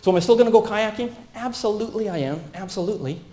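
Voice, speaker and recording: Brief: man in his 50s, conference safety talk, mellow tone, roomy hall. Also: high-pitched, racing. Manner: animated, asks the audience questions. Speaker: safety speaker. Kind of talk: conference presentation.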